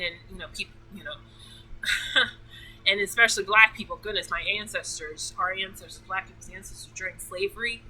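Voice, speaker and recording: A woman's voice: medium pitch, sharp tone, a little hiss or hum, rough recording. A woman hosting a casual talk, enthusiastic and emotional, rambling with many fillers. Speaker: podcast host.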